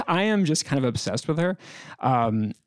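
A man's voice: on the high side, big pitch swings, a little slow, dry recording, clean studio sound. A man talking as a podcast guest in a casual film discussion, enthusiastic and chatty, laughing often.

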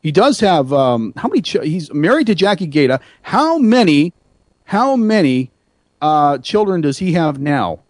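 A man hosts a casual radio talk show with a fairly high voice. He rambles in an animated way, breaking off and restarting, and jokes at his own expense. The sound is dry and close, with no room echo. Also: measured pace. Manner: animated, rambling, self-mocking, many restarts.

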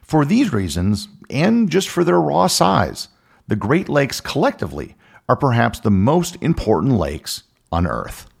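A man hosting a podcast, reading a scripted explanation in a measured, explanatory way. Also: medium pitch, wildly swooping pitch, creaky, slightly rough. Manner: measured, explanatory, reads listener messages. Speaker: podcast host.

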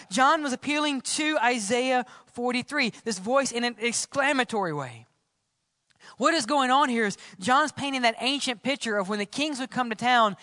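A man preaching a sermon as pastor in a church, swinging between loud calls and hushed, whispered lines. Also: very high voice, no echo, clean studio sound, long reverb tail.

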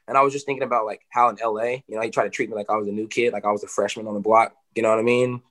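A man, a fighter, telling stories in a casual interview, animated, full of "you know" and swearing. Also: on the low side, racing.

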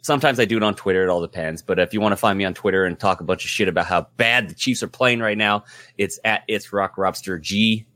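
A man's voice: fairly low pitch, quick pace, pushed and bright, no echo. A man guesting on a casual podcast, rambling and laughing at himself. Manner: rambling, self-mocking, laughs often. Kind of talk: casual chat.

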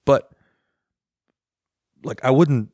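A man's voice: medium pitch, extremely slow, mellow, dry recording, studio quality. A man co-hosting a casual podcast chat, enthusiastic and laughing often, swearing freely. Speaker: podcast co-host.

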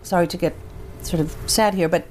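An older woman from the United States speaks as an interview guest, telling anecdotes with lively shifts into the voices of people she remembers. Her delivery is conversational and expressive. A faint hiss of background noise sits under the recording. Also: on the low side, brisk. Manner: animated, anecdotal, acts out quoted voices. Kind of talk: conversational storytelling.

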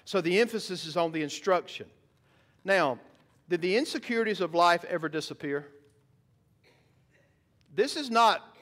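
Man, pastor, sermon, emphatic, rhetorical questions, high voice. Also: fairly bright tone. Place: church sanctuary.

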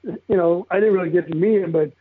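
A man's voice: high voice, quick pace, slightly rough. An older man telling stories in a blunt, profane way, chuckling often as he talks. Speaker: guest telling stories of his football days. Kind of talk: casual storytelling interview. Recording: tinny phone line.

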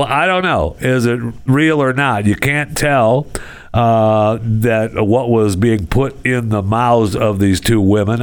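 A podcast host with a clear, resonant, mid-range voice runs a casual talk show, rambling through odd news stories with sarcastic asides and chuckling often.

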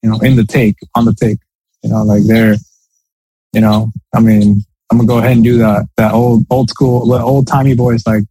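A man chatting on a podcast, rambling through his thoughts with plenty of fillers and restarts. His voice is slightly husky. It sits at an ordinary pitch, and the sound is dry and close to the mic. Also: level tone, moderate pace, warm tone, no echo, low-quality recording. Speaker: podcast co-host. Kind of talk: casual podcast chat.

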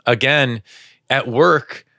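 A man's voice: medium pitch, gravelly, bright, forceful tone, dry recording, clean studio sound. A man co-hosting a casual sports podcast, weighing his opinions carefully with hedges and restarts. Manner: measured, hedging, with fillers and restarts. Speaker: podcast co-host.

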